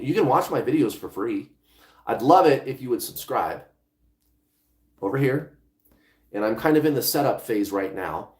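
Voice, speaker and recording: In an echoey room, a man records a casual vlog monologue as a law of attraction coach. His mid-range voice is a little mellow, and he talks conversationally, restarting phrases and swearing now and then.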